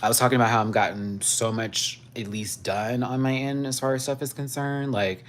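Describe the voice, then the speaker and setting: A man's voice: medium pitch, moderate pace, a little hiss or hum. A man hosting a casual livestream, chatting and cooing in baby talk at his pets. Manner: sing-song, cooing, animated. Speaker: livestream host.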